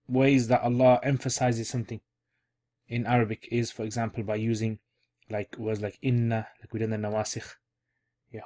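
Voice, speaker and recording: A man teaches Arabic grammar online in a relaxed, conversational style. Speaking at a middle pitch, he repeats key terms and thinks out loud while explaining.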